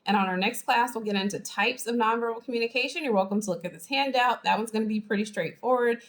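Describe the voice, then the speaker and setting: A woman instructor giving a chatty, animated lecture to a live online class, acting out examples as she goes, heard through a video-call microphone. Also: fairly high pitch, quick pace. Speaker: college instructor.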